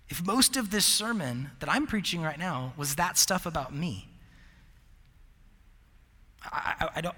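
A man's voice: a little high, expressive, a little slow, long pauses, pushed and bright. A young man preaching a casual sermon to a college group, rambling with fillers and laughing at himself. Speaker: campus ministry preacher. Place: large hall with live audience. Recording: long hall reverb.

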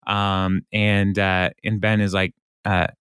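Man, low voice, casual chatty recap, storyteller, dry sound. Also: little pitch movement, takes it slowly, a bit bright, smooth, no echo. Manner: chatty storyteller, paraphrases characters' lines. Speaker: podcast co-host recapping an episode. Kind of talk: casual chat.

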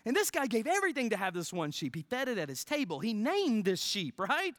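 Pastor giving a sermon, conversational and dramatic, very animated pitch, dry room. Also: a little fast, hardly any pauses, no room sound. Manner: dramatic, swings from loud to near-whisper; peppers phrases with "right?".

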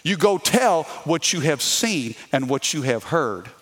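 A man's voice: a little high, big pitch swings, a little slow, fairly bright tone. A middle-aged man from Louisiana with a Louisiana Southern accent, preaching a sermon emphatically and calling out to the congregation to answer him. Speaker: pastor.

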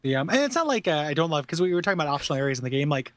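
A man's voice: a little high, sing-song, rapid-fire, dry recording, clean studio sound. A man co-hosting a podcast in casual chat, rambling with many fillers and restarts. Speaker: podcast co-host.

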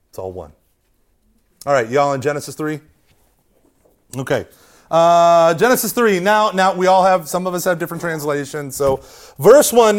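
A man leads an informal Catholic Bible class in a fairly high voice that leaps up and down as he talks. He lectures with jokes and asides and keeps checking in with the room by asking "right?". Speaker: Catholic Bible study teacher. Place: hot meeting room with a live class.

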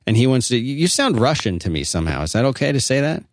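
A middle-aged man hosting a call-in podcast, chummy and animated, calling people dude. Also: medium pitch, quick pace, slight background noise. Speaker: podcast host. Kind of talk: casual call-in chat.

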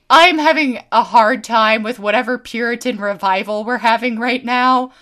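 Bright-voiced woman ranting casually. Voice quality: filler-heavy, halting restarts. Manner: swears freely, low-energy but ranting. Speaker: podcast co-host. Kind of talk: casual chat.

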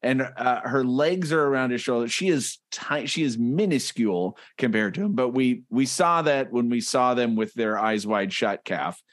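A man's voice: medium pitch, normal speed, hardly any pauses. A man co-hosting a comedy podcast over a call, sarcastically describing comic strip panels with frequent restarts. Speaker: podcast co-host. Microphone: remote call.

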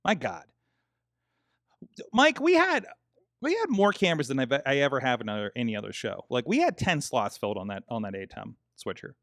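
A man's voice: medium pitch, big pitch swings, fairly quick, fairly bright tone, no echo, clean studio sound. A man co-hosting a podcast in casual chat, rambling with many fillers and restarts and swearing often. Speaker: podcast co-host.

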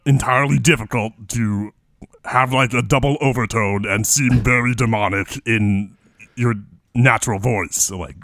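A man voicing a stupid, crude male demon with a slightly deepened voice and a doubled overtone. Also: normal speed, a bit bright, no room sound, clean studio sound, lightly acted. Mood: explaining. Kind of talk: comedy podcast banter.

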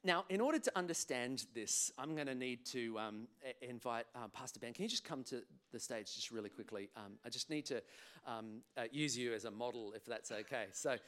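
A man, a clinical psychologist, giving a playful, animated conference talk on emotional health. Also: mid-range voice, brisk. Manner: animated, playful, acts out voices. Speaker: guest speaker, clinical psychologist.

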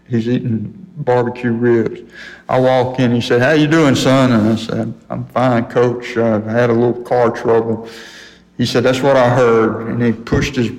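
A man's voice: mid-range voice, a little mellow, big-room sound, rough recording. An older man telling a story on a radio talk show, folksy and chuckling often.

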